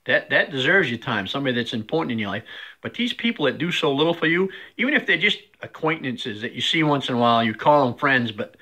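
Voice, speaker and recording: A man's voice: medium pitch, very animated, fast talker, sharp tone. A man hosting his own show, giving a folksy motivational talk full of repeated rhetorical questions. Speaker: host.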